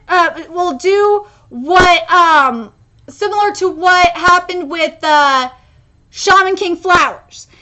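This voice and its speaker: A woman's voice: very high-pitched, takes it slowly, sharp tone. A woman streaming a live manga reaction, talking emotionally and rambling with many fillers and restarts.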